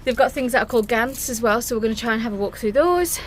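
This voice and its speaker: A woman's voice: fairly high pitch, animated, fast talker, slight background noise. A British woman in her thirties, out of breath, chatting and laughing to a handheld camera while out in town with her kids. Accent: British English. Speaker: family vlogger and mum. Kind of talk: casual vlog chat to camera. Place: outdoors in a town, at a bus stop.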